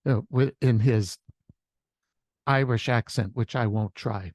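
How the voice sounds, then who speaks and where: A man's voice: medium pitch, slow, a little mellow, no echo. A man who is a worship leader, sharing a reflective devotional message with storytelling on a video call.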